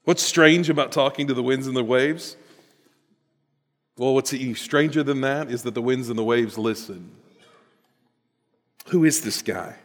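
A man preaching a sermon in a church, animated and building to emphatic bursts. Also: mid-range voice, a little slow, pauses often. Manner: animated, rising to emphatic bursts, with chuckles and repetitions. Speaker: pastor. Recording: long reverb of a large hall.

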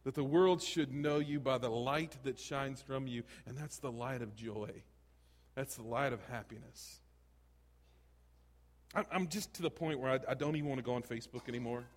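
A man preaching a sermon as a pastor, conversational and animated, full of rhetorical questions and asides. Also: medium pitch, moderate pace, big-room sound.

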